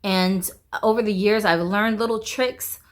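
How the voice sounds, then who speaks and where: A woman's voice: medium pitch, steady tone, a little slow. A woman vlogger in casual chat, candid and rambling, peppering her talk with "like" and swearing freely.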